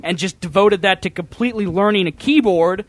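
A young man co-hosting a podcast, joking and bantering excitably in casual chat. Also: sits high, brisk. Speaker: podcast co-host.

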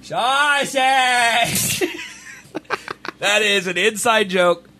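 A young man hosting a livestream, chatting casually and joking with loud laughs at a home streaming setup. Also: fairly high pitch, very animated, fairly quick. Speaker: livestream host.

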